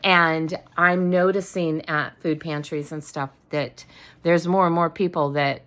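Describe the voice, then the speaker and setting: An older woman chatting through a faith story in a rambling way, full of restarts and "you know," and lively when amazed. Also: deep voice, unhurried. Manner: excitable, animated when amazed. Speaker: faith talk show host. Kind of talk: casual faith testimony storytelling.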